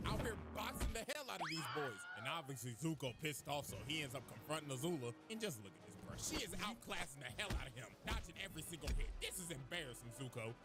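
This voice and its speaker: A young man narrates a cartoon recap for laughs, slangy and profane throughout. His voice is a little high for a man and very animated, with clear music playing behind him.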